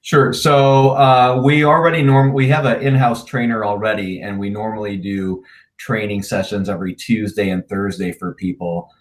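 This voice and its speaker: A managing partner talking casually in a remote interview, relaxed and plain-spoken, with frequent "uh"s and restarts over a video call. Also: male voice, lowish voice, normal speed. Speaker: managing partner of an insurance agency.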